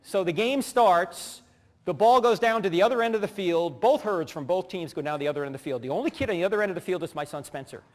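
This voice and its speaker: A middle-aged man giving a humorous teaching talk, telling animated stories, acting out voices and laughing as he goes. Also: high-pitched, fast talker. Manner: animated storyteller who acts out voices and laughs. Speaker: speaker. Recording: long hall reverb.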